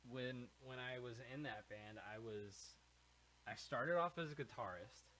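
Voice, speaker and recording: A man's voice: mid-range voice, lively intonation, unhurried, a bit bright, low-quality recording. A young man, a musician guest on a podcast, reminiscing in an easygoing, casual chat.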